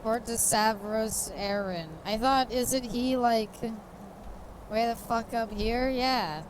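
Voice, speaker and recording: Playing a game on stream, a woman chats casually in a fairly high, steady voice, speaking slowly over background noise. Her storytelling is rambling and jokey, punctuated by frequent laughter.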